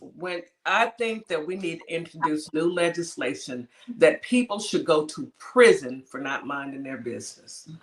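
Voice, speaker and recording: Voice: medium pitch, lively intonation, moderate pace, poor audio. A co-host on a casual podcast chat, speaking bluntly and firmly. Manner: blunt, firm.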